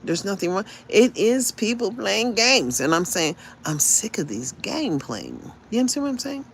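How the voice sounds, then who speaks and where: Woman podcast host, profane solo rant, very lively pitch, faint background noise. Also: moderate pace. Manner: profane, animated, repeats refrains. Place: home.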